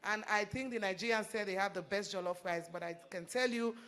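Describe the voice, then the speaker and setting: A woman's voice: mid-range voice, fairly quick, a bit bright. A woman from Sierra Leone speaking on a panel, inviting visitors in an upbeat, promotional way.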